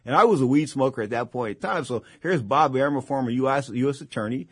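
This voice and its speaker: A man's voice: mid-range voice, fast, fairly bright tone, breathy edge, no room sound. A man in his sixties hosting a radio talk show, telling long, rambling stories that drift from topic to topic. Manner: rambling, digressive storytelling.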